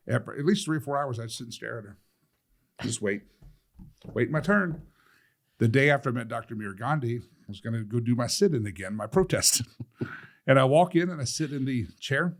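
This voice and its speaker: A middle-aged man in a sit-down talk, telling a personal story with animated quoting of other people. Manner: lively, quotes others with changes of pitch and loudness, laughs often. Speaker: guest telling his story.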